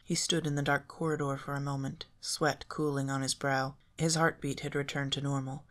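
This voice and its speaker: An audiobook reader narrating a fan fiction story in a calm, measured way. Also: mid-range voice.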